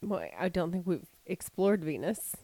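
A woman's voice: fairly low pitch, lively intonation, moderate pace, warm tone, dry recording. A woman, co-hosting a podcast and tossing in wry quips with frequent laughter. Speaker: podcast co-host. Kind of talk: casual chat.

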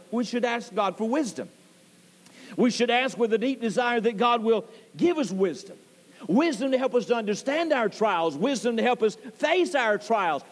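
A male pastor preaching a sermon in a church, emphatic and repetitive, swooping up on key words. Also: in a large hall. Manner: emphatic, repeats key phrases, voice swoops high on stressed words. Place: church sanctuary.

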